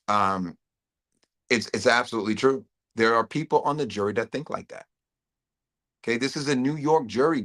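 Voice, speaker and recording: A man's voice: on the low side, pushed and bright. Middle-aged guy chatting on his livestream, repeats himself a lot, reads the chat out. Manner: conversational, repeats words, reads chat aloud. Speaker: host. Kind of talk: casual livestream commentary.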